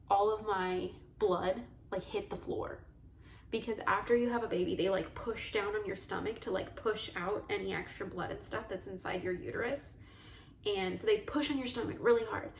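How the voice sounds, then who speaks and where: A woman's voice: mid-range voice, vocal fry, reverberant, slight background noise, poor audio. A young woman telling a personal story to camera in a chatty, earnest way, often saying "like". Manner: chatty, heavy use of "like", earnest and emotional. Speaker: vlogger.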